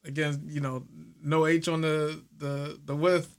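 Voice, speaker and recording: A man with a somewhat high voice guests on a radio show and talks about his podcast. He is earnest and hesitant, pausing often and filling the gaps with 'uh' and 'you know'. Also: little pitch movement, clean tone. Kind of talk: casual interview chat.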